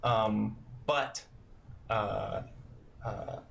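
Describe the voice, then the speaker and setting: A man running a tabletop game as game master, narrating in a relaxed, halting way with frequent fillers. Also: lowish voice, creaky, a little hiss or hum.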